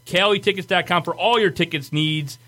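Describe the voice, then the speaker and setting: A man hosting a sports podcast, running a playful quiz and reading quotes aloud slowly. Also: sits high, sharp tone. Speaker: podcast host. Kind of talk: casual sports quiz banter.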